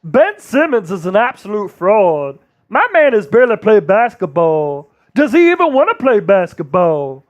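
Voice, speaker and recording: A man putting on a gruff, exaggerated celebrity impression for a live stream. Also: sits high, big pitch swings, normal speed, dry recording. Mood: boastful. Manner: exaggerated impersonation voice. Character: gruff male celebrity impersonation, boastful.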